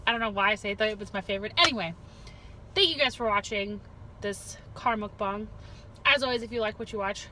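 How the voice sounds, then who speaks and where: A talkative woman with a fairly high voice chats loosely about her day as a vlog host. She rambles from topic to topic in easy, casual chat. Steady car noise runs behind her from inside a vehicle. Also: a little fast, rough recording. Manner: chatty and rambling.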